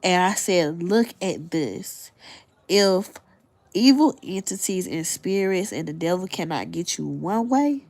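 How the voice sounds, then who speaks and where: A woman's voice: fairly low pitch, animated, unhurried, a little mellow. A woman on a livestream, telling an upsetting story in an exasperated way and repeating phrases for emphasis. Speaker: livestream reader host. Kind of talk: emotional livestream vent.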